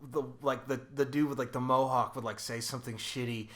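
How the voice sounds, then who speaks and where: A man co-hosting a podcast in casual chat, rambling and filling his talk with "like". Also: brisk. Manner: rambling, heavy with "like", lively pitch. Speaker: podcast co-host.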